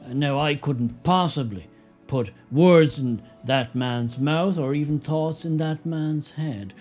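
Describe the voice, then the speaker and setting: A man's voice: fairly high pitch, slow pace, a little mellow, soft background music. A man giving sarcastic political commentary in a mocking, emphatic way. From Ireland.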